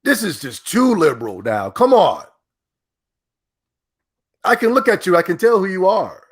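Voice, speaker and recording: A podcast host, a man with a slightly high voice, rants in a loud, animated way. He repeats phrases when he gets worked up and keeps laughing between his points. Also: measured pace, breathy edge. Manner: emphatic, animated, breaks into laughs. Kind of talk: ranting commentary.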